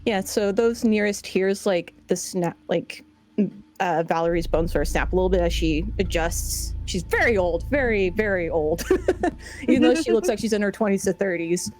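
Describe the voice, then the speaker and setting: A woman's voice: mid-range voice, moderate pace, a little mellow, soft background music, low-quality recording. A woman playing in a tabletop role-playing game, describing her character's actions casually with many "like"s. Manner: casual, many "like"s, laughs easily. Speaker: player.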